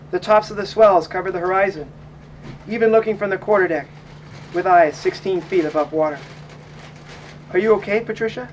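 High-voiced young man reading a memoir. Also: recorded from a distance, muffled recording. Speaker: audiobook narrator. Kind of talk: first-person memoir reading. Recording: faint noise, voice set back from mic.

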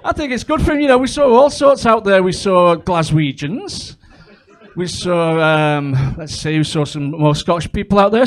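A man's voice: high-pitched, expressive, normal speed. A man performing a crude, chatty stand-up comedy set, full of ums and asides. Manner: chatty, crude, with frequent fillers.

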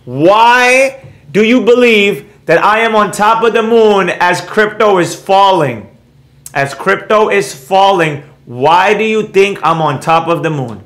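A man's voice: sits high, slow pace. A middle-aged man hosting a trading channel in a casual, lecturing monologue to his viewers, brash and repetitive, reading and answering live chat comments. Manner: animated, repeats points for emphasis. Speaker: trading educator and channel host.

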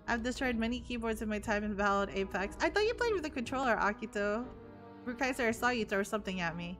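A woman's voice: a little high, lively intonation, fast talker, sharp tone, soft background music. A young woman streaming games, chatting casually with her viewers and laughing often. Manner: bubbly, laughs often, reacts to chat. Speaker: VTuber streamer. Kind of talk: casual live-stream chat.

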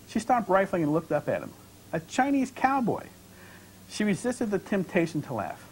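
A male author reads his own fiction aloud to an audience, measured and expressive. His voice sits a bit high and rises and falls in a lively way, with a faint hiss behind it. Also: poor audio. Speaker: author and creative writing professor. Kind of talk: literary reading.

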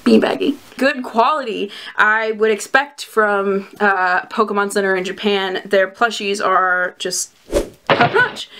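A young woman vlogging to camera reviews plush collectibles in casual chatter, her medium-pitched voice bright and forceful. She is giggly and bubbly, often laughing between her words.

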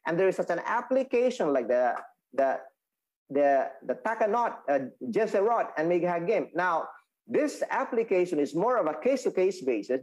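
Guy teaching bible study, kinda higher voice, stops and restarts a lot. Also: darkish tone, poor audio. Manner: explaining, repeats and restates points, halting with fillers. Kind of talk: Sabbath school lesson.

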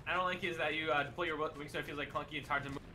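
A man playing as a teammate, chatting casually with lots of fillers and quick exclamations. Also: on the high side, steady tone, background noise. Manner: rambling, filler-heavy, reacts with quick exclamations. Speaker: teammate in the match. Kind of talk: casual gameplay chat. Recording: game sounds clearly behind voice.

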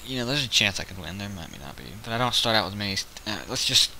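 A man's voice: on the low side, lively intonation, quick pace, gravelly, sharp tone, rough recording. A man casually commenting on a strategy game he is playing, rambling and counting units aloud as he goes. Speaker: gameplay video host. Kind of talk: casual let's-play commentary. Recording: faint hiss behind.

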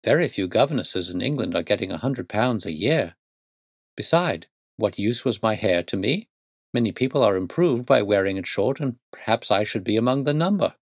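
A man reading the part of a firm, proud young woman governess in a measured, formal storytelling manner. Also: lowish voice, expressive, dry recording, clean studio sound. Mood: earnest. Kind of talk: audiobook reading.

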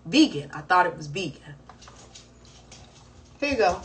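Young woman, live-stream host. Casual, animated storytelling with slang and swearing, a little off-mic with faint noise behind her. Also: lowish voice, a little slow. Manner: animated, slangy and profane, with exclamations. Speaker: live-stream host answering viewer questions. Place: home, streaming live while eating. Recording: voice a bit distant from the mic, faint background noise.

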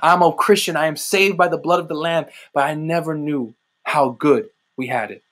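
A man's voice: on the high side, fairly even intonation, normal speed, a bit bright. A man preaching an impassioned sermon, often repeating phrases and calling his listeners "guys".

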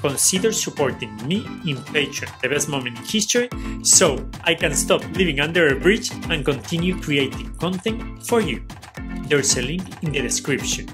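Outro: woman, very low voice, upbeat promo read over music. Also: expressive, normal speed. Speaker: channel outro voice. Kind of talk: scripted channel outro.

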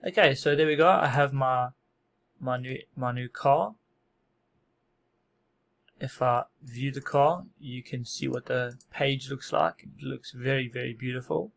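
Gravelly-voiced man explaining software. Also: mid-range voice, slow, pauses often. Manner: relaxed, self-deprecating, many fillers and restarts. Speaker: software tutorial presenter. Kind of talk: casual screen-recorded tutorial.

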